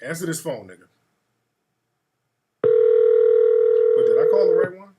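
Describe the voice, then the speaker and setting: A man's voice: a little high, animated, slow, dull audio, very noisy. A man hosting a call-in show, blunt and mocking in profane banter. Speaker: radio show host.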